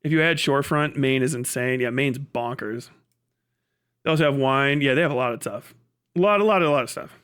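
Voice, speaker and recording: A man streaming live, ranting in a profane, fast-talking way. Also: mid-range voice, a bit bright, smooth. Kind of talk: casual livestream rant.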